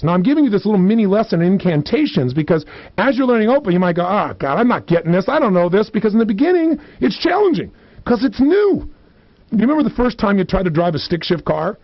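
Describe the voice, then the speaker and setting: A man, a motivational speaker, teaching a self-help lesson with lots of energy and acting out people's voices with big swings in pitch. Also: dry recording. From United States. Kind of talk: recorded self-help seminar. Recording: dull lo-fi audio, dry.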